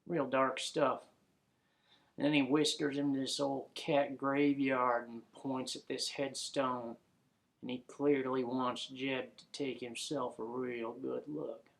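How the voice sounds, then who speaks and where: A man's voice: mid-range voice, little pitch movement, takes it slowly, gravelly. A man narrating a comic story in a laid-back drawl full of folksy slang.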